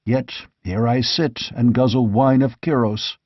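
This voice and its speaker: A bold barbarian warrior king , voiced by a male narrator, with a blunt, gruff way of talking. His voice sits at a mid pitch, grimly amused. The audiobook recording is dry and a little lo-fi. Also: steady tone, measured pace, dry recording, lightly acted.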